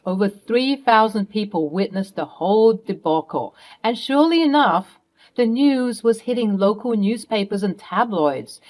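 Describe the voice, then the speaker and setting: A woman narrating a personal story in a plain, steady retelling. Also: medium pitch.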